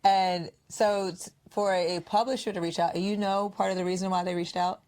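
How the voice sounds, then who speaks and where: Woman podcast co-host, low voice, casual storytelling, mimics friends' lines. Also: moderate pace. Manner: animated storyteller, acts out quoted friends. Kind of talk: casual conversational podcast chat.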